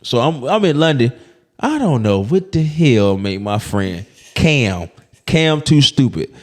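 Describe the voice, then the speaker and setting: A comedian from Birmingham, telling stories in a casual interview, full of restarts and laughter. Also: male voice, medium pitch, takes it slowly. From Birmingham, Alabama. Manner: animated, repetitive restarts, laughing as he tells stories. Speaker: comedian guest.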